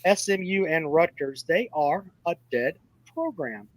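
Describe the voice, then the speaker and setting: A man's voice: on the high side, lively intonation, a little slow, low-quality recording. A man hosting a casual sports talk show with callers, blunt and profane.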